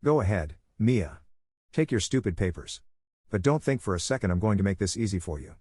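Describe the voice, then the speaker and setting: A man's voice: lowish voice, lively intonation, fairly quick, darkish tone, husky, no echo, studio quality. A man reading the lines of a smug, sarcastic husband in a scripted story, dismissive and scornful in manner.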